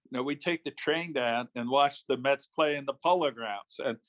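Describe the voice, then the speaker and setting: A man's voice: medium pitch, normal speed, highs cut off. An older man from New York State, a former politician, telling easygoing anecdotes as an interview guest. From New York State, USA. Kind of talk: casual interview storytelling.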